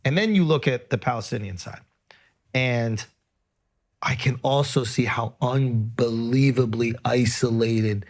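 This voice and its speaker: A podcast host with a mid-range voice speaks unhurriedly in casual podcast chat. He is earnest and emphatic, and he swears frequently.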